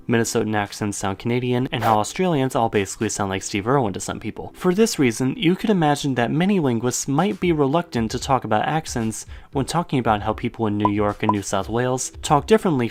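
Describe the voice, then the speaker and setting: A man with an ordinary mid-range voice narrates a scripted educational video. His delivery is chatty and upbeat, dropping casual asides to the viewer. Faint music plays quietly underneath. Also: medium pitch. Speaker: educational YouTuber.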